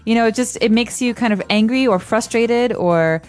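A woman's voice: a little high, normal speed, darkish tone, soft background music. A woman co-hosting an English lesson podcast, explaining phrases in a friendly, casual way with everyday examples. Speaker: co-host and English teacher.

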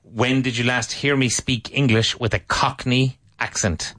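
A male English teacher leads a conversation class. He fires off drill questions, corrects students patiently and praises each right answer, in a voice of ordinary middle pitch. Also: fairly even intonation, a little slow, fairly bright tone.

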